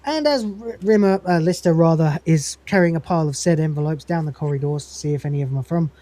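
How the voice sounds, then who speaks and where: A man hosting a podcast while sick, casually retelling an episode in an animated way. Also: a little high, fast, no echo. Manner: animated, acts out scenes with lots of "he goes". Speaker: podcast host.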